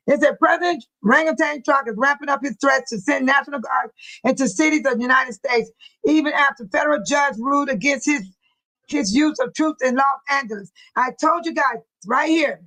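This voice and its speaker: High-voiced woman chatting on a livestream. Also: brisk, bright, forceful tone, rough recording. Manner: chatty, reads articles aloud and talks back to chat. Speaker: livestream host. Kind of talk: casual livestream chat, reading news aloud.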